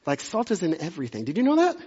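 A man's voice: high voice, huge pitch swings, very fast, mellow, slightly rough. A young man, a pastor preaching a conversational, self-deprecating sermon with jokey asides. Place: church sanctuary. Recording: dull sound with long hall reverb.

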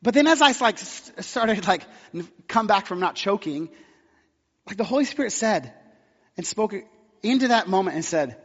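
Male pastor, high voice, chatty storytelling sermon, muffled hall sound. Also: lively intonation, moderate pace. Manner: storytelling, conversational with acted-out quotes. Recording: dull sound with long hall reverb.

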